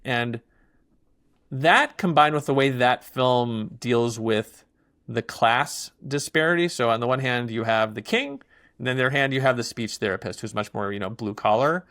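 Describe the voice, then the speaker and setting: A man's voice: medium pitch, no echo. A man being interviewed about his film, talking casually and animatedly with plenty of fillers. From not from England. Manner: animated storyteller, many fillers. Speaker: filmmaker guest.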